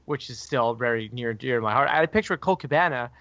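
A man rambles through casual podcast chat, packing nearly every phrase with "like". His voice sits mid-pitched and comes through a dull, lo-fi signal. The room sounds dead dry. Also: lively intonation, very fast, a bit bright, dry recording. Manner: rambling, fills speech with "like". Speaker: podcast co-host.

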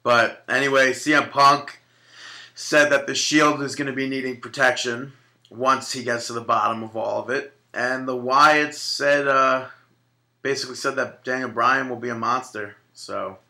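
Bright-voiced man chatting. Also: mid-range voice, steady tone, normal speed. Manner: joking, argumentative. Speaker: podcast co-host. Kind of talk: casual chat.

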